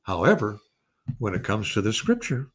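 A man's voice: on the low side, huge pitch swings, moderate pace, a bit bright. A man in his eighties teaching an informal Bible study, earnest and rambling, stretching out key words of Scripture for emphasis. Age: 80s. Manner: rambling with restarts and repeated words.

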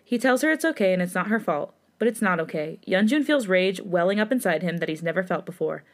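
A woman podcast host reading fan fiction aloud in steady third-person narration, with laughing asides. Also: fairly low pitch, fast.

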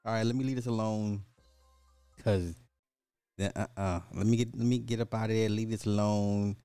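A man's voice: lowish voice, fairly even intonation, moderate pace, dark tone, smooth, no room sound, soft background music. Sarcastic man reading news with asides. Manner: sarcastic, jokey, reads articles aloud with asides. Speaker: podcast host. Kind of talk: casual commentary reading news aloud.

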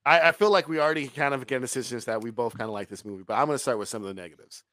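A man's voice: mid-range voice, very fast, pushed and bright, no room sound. A man co-hosting a movie review podcast in casual chat, emphatic, swearing freely and laughing often.

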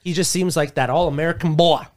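A man co-hosting a casual podcast, his voice sitting a touch high. He jokes, laughs easily and swears offhandedly. The sound is close and dry, with no room echo. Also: fairly even intonation, quick pace. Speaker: podcast co-host.

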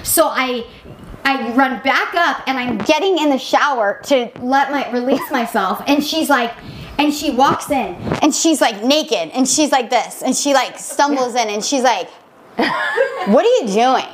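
A young woman with a high voice co-hosts a casual podcast, telling an embarrassing story with animated energy. She laughs often and pitches way up when quoting herself. A faint hiss of noise sits under the recording. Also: measured pace, low-quality recording. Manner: animated storyteller, laughing, acting out her own lines in higher voice. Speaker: podcast co-host.

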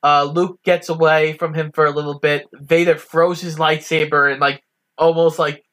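A man's voice: a little high, flat delivery, normal speed, fairly bright tone. A man co-hosting a podcast, casually recapping film scenes with an agreeable manner. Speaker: podcast co-host. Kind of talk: casual film-rewatch chat.

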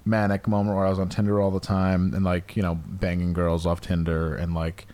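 Low-voiced man rambling crudely on a podcast. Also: little pitch movement, fairly quick, mellow. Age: 30s. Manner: rambling, crude, full of fillers. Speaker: podcast host. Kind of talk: casual chat. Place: room with a window open near a porch.

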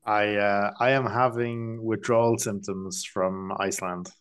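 An Irish man chatting as a guest on an online talk show. His low voice comes out easygoing and a bit hesitant, with plenty of fillers as he recalls things. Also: steady tone, measured pace, smooth. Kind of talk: casual chat.

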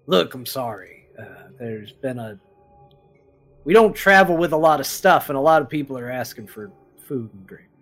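A game master voicing a blunt, rough-spoken male barkeeper. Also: medium pitch, expressive, normal speed. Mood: apologetic.

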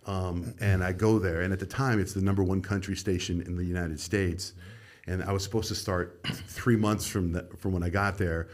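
Lowish-voiced man telling radio stories. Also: normal speed. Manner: animated anecdotes, acting out quoted people. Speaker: radio host telling his career story. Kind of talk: casual podcast storytelling.

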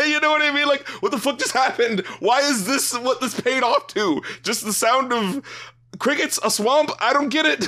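A man's voice: very high voice, moderate pace, pushed and bright. A man co-hosting a podcast, chatting casually about an album, laughing often and swearing freely. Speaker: podcast co-host. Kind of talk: casual chat, album review.

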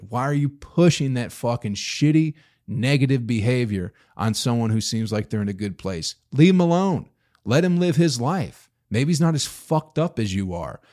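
On his solo podcast, a man in his thirties speaks with a fairly low, darkish voice. His casual rant wanders through a story, peppered with swearing, rhetorical questions and abrupt emphatic outbursts.

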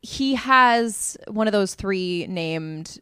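A woman with a mid-range voice co-hosts a casual podcast and jumps in with eager, quick reactions. The recording is dry and close, with no echo. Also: medium pitch, expressive, bright, forceful tone, smooth. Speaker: podcast co-host. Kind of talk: casual chat.

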